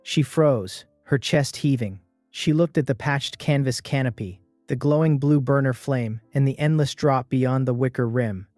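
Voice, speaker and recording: A male narrator tells a first-person adventure recap in a steady, even storytelling voice. The sound is dry and close to the mic. Soft music plays faintly underneath. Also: medium pitch, unhurried, no echo.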